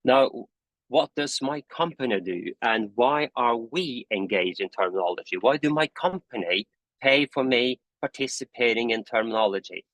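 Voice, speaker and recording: A man's voice: medium pitch, lively intonation, a bit bright, dry recording, low-quality recording. A man giving a conversational webinar presentation on a video call, now and then correcting himself mid-sentence. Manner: conversational, self-correcting, admits talking fast from coffee. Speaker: presenter, standards committee convener.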